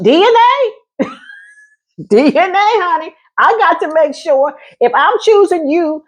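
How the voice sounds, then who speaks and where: A woman talking casually to her viewers in a sassy manner, calling them honey and laughing often. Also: high-pitched. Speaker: vlogger giving relationship talk.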